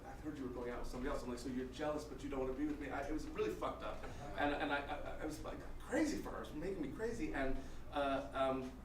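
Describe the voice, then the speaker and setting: A middle-aged man tells rambling, self-deprecating stories to a small comedy crowd, his voice pitched fairly high. The sound is roomy and noisy, picked up from a distance in a small club. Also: fast. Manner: chatty, self-deprecating, lots of restarts and fillers. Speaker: guest storyteller. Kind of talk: stand-up storytelling.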